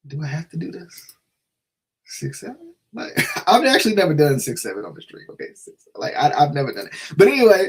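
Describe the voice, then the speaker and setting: A man with a slightly high voice hosts a casual sports live stream. He vents his frustration, circles back to the same points and keeps asking "right?" as he talks straight to his viewers. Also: darkish tone. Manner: frustrated, repetitive, full of restarts and "right?". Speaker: sports show host.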